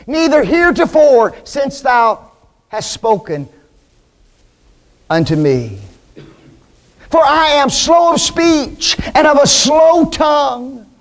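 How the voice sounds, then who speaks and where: A man preaching voices a reluctant old male prophet, in slow, solemn King James phrasing. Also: very high-pitched, voice pushed up. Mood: pleading.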